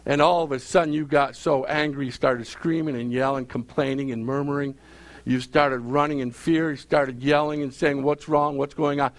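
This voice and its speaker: Gravelly-voiced man preaching to a congregation. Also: medium pitch, fairly even intonation, normal speed, no room sound. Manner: preaching with call-and-response questions to the congregation; repeats phrases for emphasis. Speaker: pastor. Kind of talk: sermon.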